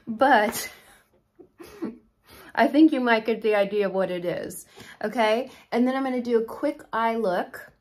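A woman's voice: a little high, a little mellow. A middle-aged woman makeup artist chatting effusively to her viewers, asking rhetorical questions as she goes. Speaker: makeup artist and beauty vlogger. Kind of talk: chatty direct-to-camera talk.

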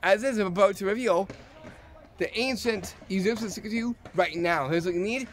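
A man's voice: sits high, a little fast, slight background noise. A man hosting a casual magic trick tutorial, eager and showing each step as he goes. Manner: eager, repeats "like this" while demonstrating.

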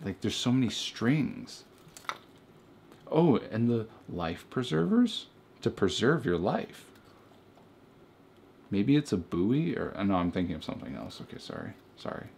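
A man's voice: fairly low pitch, sing-song, unhurried, creaky, long pauses, a little mellow, husky. A young man doing a mock-serious comedy review at home, rambling into asides and apologizing for them. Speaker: comedy vlogger. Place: home beside a Christmas tree. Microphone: camera held by a friend.

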